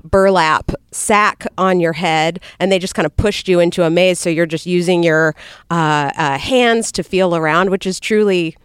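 A woman's voice: lowish voice, normal speed, clear, resonant tone, no room sound, clean studio sound. A woman guest on a podcast, chatting casually and laughing often as she tells stories.

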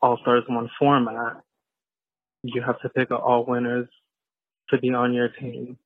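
A man's voice: mid-range voice, completely flat delivery, measured pace, a little hiss or hum. A man leaving a crude, joking voicemail, ranting and then asking questions. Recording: tinny, dry phone voicemail.

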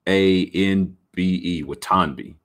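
A man hosting a podcast, rambling about sports in an animated, jokey way. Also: low voice, slow pace. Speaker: podcast host. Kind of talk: casual sports talk.

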